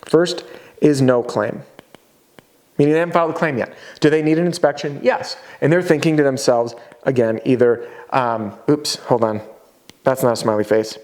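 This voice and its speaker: An energetic man runs a casual sales lesson at a whiteboard. His voice sits in a middle pitch, and he talks in a chatty, conversational way with quick asides. Now and then he jumps into a homeowner's voice to act out a scene. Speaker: roofing sales trainer.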